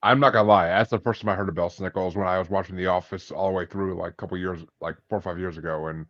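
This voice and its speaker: Low-voiced, joking man with a swearing streak. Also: steady tone, very fast, dull audio. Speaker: podcast host. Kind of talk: casual chat.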